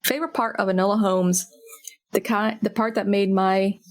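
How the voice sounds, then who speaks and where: A woman's voice: mid-range voice, fairly even intonation, moderate pace. A woman co-hosting a casual fan podcast, rambling her way through stories. She sounds bubbly and often pokes fun at herself. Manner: bubbly, rambling, self-deprecating. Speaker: podcast co-host. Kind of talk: casual chat.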